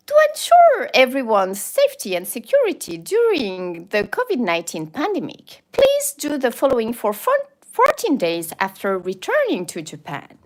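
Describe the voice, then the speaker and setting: A woman's voice: medium pitch, huge pitch swings, normal speed. A woman with a French accent chatting casually on a livestream, reading a form aloud with playful asides and frequent laughter. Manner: reads forms aloud with playful asides, slips into French interjections, laughs often. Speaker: YouTuber.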